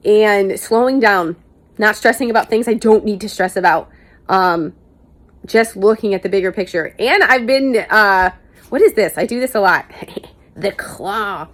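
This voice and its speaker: A young woman vlogger answering viewer questions in a candid, chatty, self-mocking way, swearing casually now and then. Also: medium pitch. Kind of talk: casual Q&A chat to camera.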